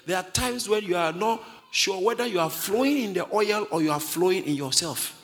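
Male preacher, high lively voice, emphatic sermon, long hall reverb, faint music behind. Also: a little fast. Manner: emphatic, often shouting, gets the congregation to repeat lines.

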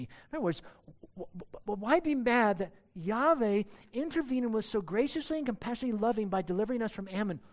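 A man preaching a sermon with earnest emphasis, pressing his church with rhetorical questions. His voice sits somewhat high for a man. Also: expressive, a little fast, darkish tone. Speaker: pastor.

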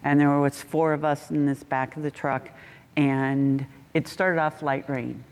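Low-voiced woman telling lively stories in a hall. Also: a little slow. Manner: animated, laughing, acts out quotes with big pitch jumps. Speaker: mission trip member sharing stories. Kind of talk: casual storytelling. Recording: reverberant hall.

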